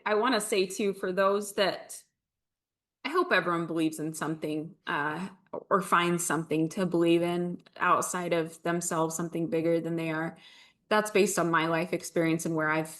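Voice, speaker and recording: A woman talking as a podcast guest, telling a personal story in an earnest, confessional way and slowing down at the emotional parts. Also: on the low side, steady tone, fairly bright tone.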